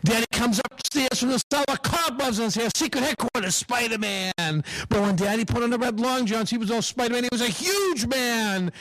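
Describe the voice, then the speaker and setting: A male stand-up comedian tells punchy stories about his Italian-American family. His voice is high for a man and jumps all over the place as he builds each joke. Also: fairly quick, few pauses. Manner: animated, punchy storytelling.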